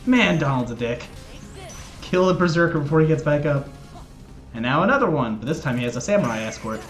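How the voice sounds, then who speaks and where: A man with a high, light voice chats loosely with his live audience, cracking jokes and teasing himself. Faint game music plays underneath him. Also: expressive, fairly quick. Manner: chatty, joking, self-mocking. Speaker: streamer. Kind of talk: casual live-stream chat.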